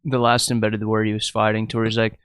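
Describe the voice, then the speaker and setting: A man co-hosting a casual podcast, telling stories and acting out quotes with lively energy. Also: on the low side, quick pace, clear, resonant tone, no room sound, studio quality. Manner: animated storyteller, acts out quotes. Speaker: podcast co-host. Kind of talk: casual chat watching fights.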